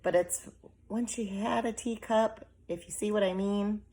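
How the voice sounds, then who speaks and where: A woman's voice: medium pitch, fairly even intonation, measured pace, dark tone, pitched above the performer's own voice, lightly acted. A woman reading the part of an anxious, fussing little mother who frets and scolds in an audiobook. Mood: fretful. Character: fretful, anxious tiny mother, middle-aged.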